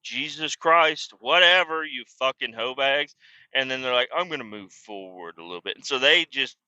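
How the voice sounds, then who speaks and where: Profane, exasperated man with a bright voice. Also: medium pitch, animated, normal speed, clean tone, dry recording, lo-fi sound. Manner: profane, exasperated, shouts in re-enacted lines. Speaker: podcast host. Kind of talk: profane storytelling rant.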